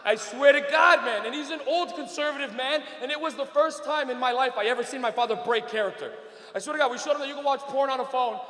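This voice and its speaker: A man's voice: extremely high pitch, quick pace, a bit bright. A young man doing a brash, profane stand-up comedy set on a club stage. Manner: brash, profane, laughing storyteller. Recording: echoey club with long reverb.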